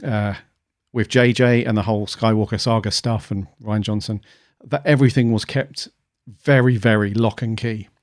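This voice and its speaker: A man's voice: lowish voice, steady tone, normal speed, no room sound, clean studio sound. Rambling man, podcast co-host. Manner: musing, rambling with um and uh fillers. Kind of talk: casual chat.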